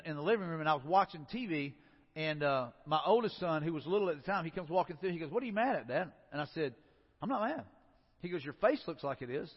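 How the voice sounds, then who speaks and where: A middle-aged man, preaching a folksy sermon full of acted-out stories. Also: high-pitched. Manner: folksy, storytelling with acted-out quotes. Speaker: pastor. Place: church sanctuary. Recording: dull, lo-fi sound in a reverberant hall.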